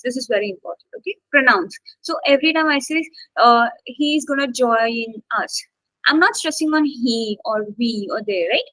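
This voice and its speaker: A woman's voice: fairly high pitch, fairly bright tone, no echo, poor audio. A woman instructor teaching a live online exam-prep class, checking in often with "okay" and "got it" and stressing key words as she explains.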